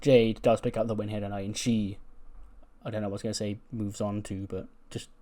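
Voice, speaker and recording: A man's voice: on the low side, flat delivery, brisk, dark tone. A man giving casual, rambling commentary on a wrestling management game, laughing often.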